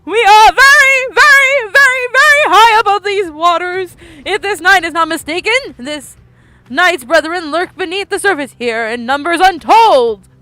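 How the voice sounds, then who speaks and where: A woman's voice: extremely high pitch, normal speed, pushed and bright, a little hiss or hum, voice pushed up. A woman voicing a pompous fish-like knight who grandly calls himself this knight, reading game dialogue aloud. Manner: grand, self-referring, speaks of himself as this knight.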